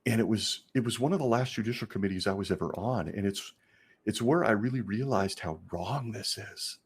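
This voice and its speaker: Husky-voiced middle-aged man telling a story. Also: lowish voice, brisk. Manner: earnest, candid, talks straight to listeners as "folks". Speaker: former congregation elder, show host. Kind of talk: personal storytelling monologue.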